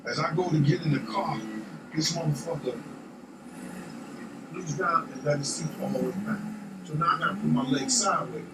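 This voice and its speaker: A man's voice: on the high side, normal speed, long pauses. A man telling a long street story in casual, profane talk, often asking "you know what I'm saying". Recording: echoey, distant, noisy.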